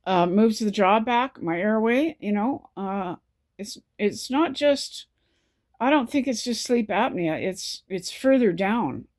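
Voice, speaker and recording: In this personal vlog, a sleep-deprived woman close to crying talks to camera in halting, repetitive speech. Her medium-pitched voice is expressive and a touch mellow.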